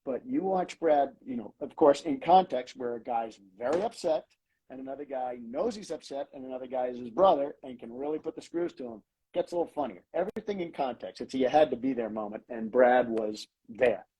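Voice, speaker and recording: A man, a comedy writer, telling behind-the-scenes stories in a lively way, acting out lines as he goes. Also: mid-range voice, fairly quick, breathy edge, rough recording. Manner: animated, acts out lines in quoted voices. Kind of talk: anecdotal storytelling.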